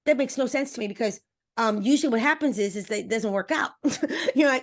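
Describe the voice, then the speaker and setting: A woman dating coach talking as a podcast interview guest, energetic and emphatic, speaking straight to her listeners and acting out little voices. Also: brisk. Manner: acts out voices with expressive pitch swings.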